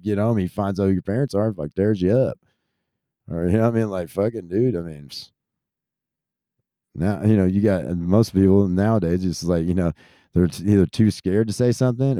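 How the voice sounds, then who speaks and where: A man's voice: low-pitched, dark tone, no room sound, clean studio sound. A man in his thirties who grew up in Texas, ranting casually in a rambling, profane stream. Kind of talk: casual rant.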